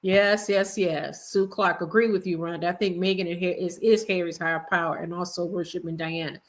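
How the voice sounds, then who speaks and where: A woman hosting an evening livestream, giving chatty, expressive commentary and talking straight to her viewers. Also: on the low side, moderate pace. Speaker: livestream host. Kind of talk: casual commentary chat.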